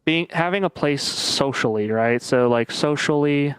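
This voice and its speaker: A man talks through a puzzle game in a casual let's-play style, working things out aloud. He speaks slowly, with many pauses and fillers. His voice is very smooth and clear, recorded dry with no room sound. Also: a little high, fairly bright tone, no room sound. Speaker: gaming video creator.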